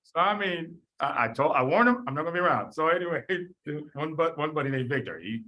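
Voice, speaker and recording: Bright-voiced guy lecturing med students, chatty and storytelling, acts out people he quotes. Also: on the high side, lively intonation, a little fast. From south side of Chicago. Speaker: medical lecturer. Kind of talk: casual classroom lecture.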